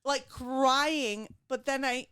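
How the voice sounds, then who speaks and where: A fairly high-voiced woman in her thirties tells stories on a podcast, swearing freely and jumping into the voices of the people she describes. The sound is dry and close, with no room around it. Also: slow pace, clean tone, no echo. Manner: animated, profane, acts out voices in her stories. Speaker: comedian guest. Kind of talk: casual podcast chat, storytelling.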